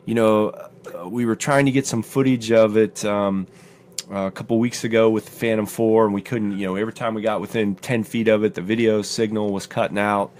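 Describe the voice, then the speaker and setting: Middle-aged man telling a lively story. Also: fairly quick, a little hiss or hum. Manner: animated storyteller, acts out his own quotes with rising pitch. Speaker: podcast co-host. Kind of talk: casual storytelling chat. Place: studio.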